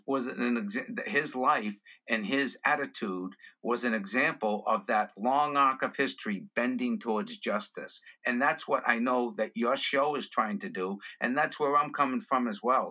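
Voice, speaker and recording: Bright-voiced comedian telling stories. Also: male voice, mid-range voice, moderate pace, few pauses. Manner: animated storyteller who slips into character voices. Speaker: comedian and guest. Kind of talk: storytelling in a podcast interview.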